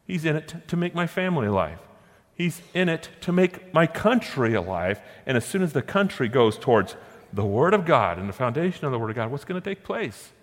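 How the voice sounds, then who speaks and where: A man preaching a sermon, posing rhetorical questions and slowing down to stress scripture verses. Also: a little high, very animated. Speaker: pastor. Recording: long hall reverb.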